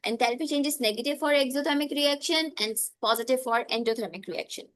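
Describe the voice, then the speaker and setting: A woman teaches a live online chemistry class. Her voice sits fairly high, and she keeps checking in with "okay?" and calls on students by name. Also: fast talker, fairly bright tone.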